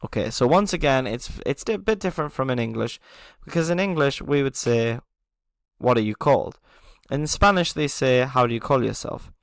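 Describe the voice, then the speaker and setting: A man's voice: medium pitch, normal speed, vocal fry, no room sound, studio quality. A man teaching a beginner language lesson, explaining patiently, often checking in with "okay?" and chuckling at himself.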